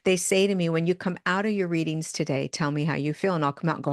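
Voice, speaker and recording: Older woman guest, low pitch, dry close sound, animated storyteller who acts out dialogue. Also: a little fast, dry recording. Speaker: medium and addiction counselor. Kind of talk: podcast interview storytelling.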